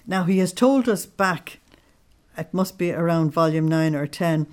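A woman leads a devotional study, walking listeners through religious readings with a somewhat low voice. She explains each passage and pauses to check that everyone is following. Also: a little mellow. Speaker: religious teacher.

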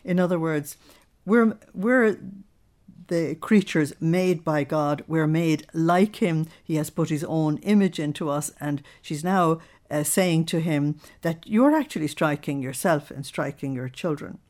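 A woman's voice: low-pitched, a little mellow. A woman leading a Bible study, reading a devotional text aloud and stopping to explain it earnestly. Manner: earnest, explanatory, pauses to comment between readings.

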